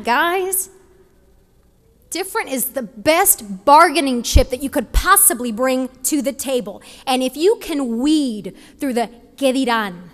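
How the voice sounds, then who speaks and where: A young woman from Texas giving a passionate, emphatic commencement speech at a podium in a large venue. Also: high voice. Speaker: commencement speaker. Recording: long hall reverb.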